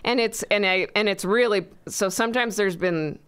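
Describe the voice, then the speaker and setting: A woman comedian chatting as a podcast guest, soft-spoken and halting, often trailing off. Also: medium pitch, very noisy. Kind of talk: casual chat.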